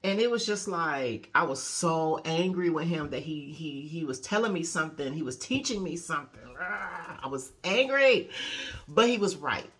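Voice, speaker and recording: A woman life coach giving a casual motivational talk, conversational and lively, often adding "you know" and "okay". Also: moderate pace. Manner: animated storyteller, acting out quotes with big pitch jumps.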